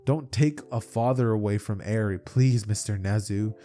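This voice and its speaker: A man's voice: fairly low pitch, normal speed, dark tone, natural voice. A man voicing an earnest young male student in a fan-made anime story, pleading with some stammering.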